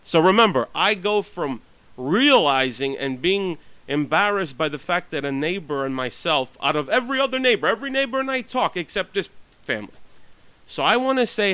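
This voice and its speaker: A man's voice: on the high side, very animated, fairly quick, bright, forceful tone, smooth, dry recording, low-quality recording. A man venting about his neighbors in a blunt, profane, ranting monologue. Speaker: vlogger.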